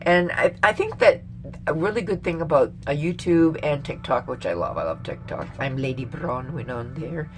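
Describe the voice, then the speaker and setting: Vlogger, woman, low-pitched, rambling and profane, quick to laugh. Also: expressive, slight background noise. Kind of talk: casual opinion rant to camera.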